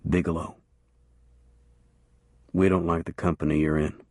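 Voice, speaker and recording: A man voicing a cold, hooded male gunman who speaks low and quietly with menace. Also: flat delivery, measured pace, no echo, clean studio sound. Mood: menacing.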